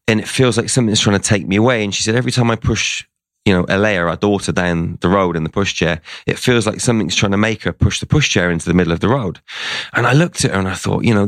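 A low-voiced man with a gravelly edge, speaking as an interview guest. He tells a story casually and acts out the words of the people in it. The sound is dry and close. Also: fairly bright tone, no room sound.

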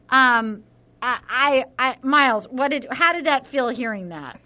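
A woman's voice: high voice, lively intonation, a little slow, bright, forceful tone, no room sound. A woman hosting a podcast, chatty and gossipy as she recaps. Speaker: podcast host. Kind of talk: casual chat.

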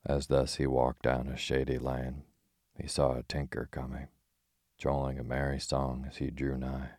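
A man narrating an old tale in an audiobook, in a measured, steady way. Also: rumbling low, no room sound, studio quality.

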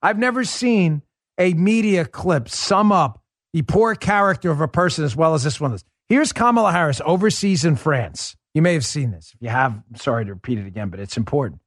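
A man's voice: fairly high pitch, animated, brisk, dry recording, studio quality. A man hosting a political talk show, giving opinionated commentary with emphatic, sarcastic rhetorical questions.

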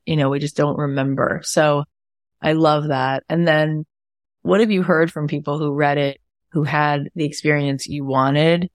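A woman's voice: low-pitched, no room sound, studio quality. A woman in her thirties hosting an interview, chatty and enthusiastic with many fillers. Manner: enthusiastic, chatty, lots of "you know" and "like". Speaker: podcast host. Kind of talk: casual interview chat.

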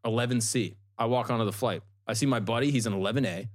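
A male comedian telling an animated story in a casual podcast chat, acting out the people in it. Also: mid-range voice, fast. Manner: animated, acts out voices, swears.

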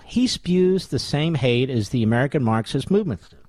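A man hosting a talk radio show, delivering a combative, sarcastic monologue full of mocking rhetorical questions, his voice rising high in indignation. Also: lively intonation, normal speed, dry recording. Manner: voice climbs high and loud in indignation.

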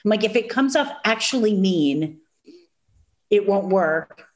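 A woman with a nasal Chicago accent, chatting as a guest and telling animated stories full of acted-out quotes. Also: medium pitch, a little slow. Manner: animated storyteller, acts out quotes, many fillers. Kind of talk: casual chat.

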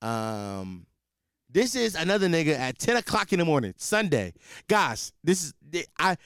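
A man hosting a podcast, telling a comic story in a profane, rambling, animated way. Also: fairly high pitch, moderate pace, clean tone, dry recording, studio quality. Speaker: podcast host. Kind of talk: comedic storytelling.

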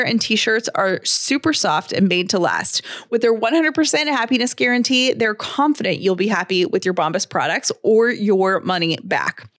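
A woman's voice: mid-range voice, no room sound. A woman co-hosting a podcast in an easy, chatty voice. Her sound is dry and close, with no room around it. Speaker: podcast co-host. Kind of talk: casual chat and read ad.

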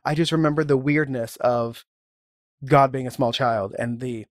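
Man, podcast guest, casual chat, rambling and eager, mid-pitched, dry sound. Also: fairly even intonation, moderate pace, no room sound. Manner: rambling, enthusiastic storytelling.

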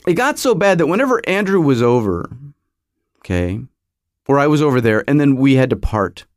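A middle-aged man from the United States talks alone into the mic as a podcast host, in an even middle register. He wanders through his memories and stops himself to correct what he just said. The recording is close and dry, with no room sound. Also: medium pitch, moderate pace, no echo. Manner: nostalgic, self-interrupting, searches memory aloud. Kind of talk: rambling monologue.

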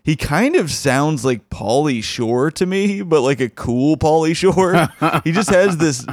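A man's voice: on the high side, animated, measured pace, dry recording, clean studio sound. A man hosting a comedy podcast, chatting casually and enthusiastically with frequent restarts. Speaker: podcast host. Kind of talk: casual commentary.

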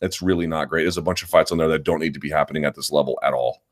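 A man's voice: rumbling low, fairly even intonation, rapid-fire. A male host of a sports live chat, answering viewer comments in an emphatic, argumentative way and repeating his points.

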